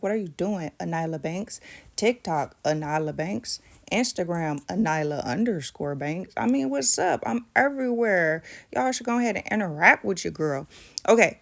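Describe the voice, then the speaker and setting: A woman's voice: mid-range voice, creaky. A woman, chatting playfully to viewers while doing her nails, pregnant and at ease. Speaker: nail tutorial vlogger. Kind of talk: casual tutorial chat.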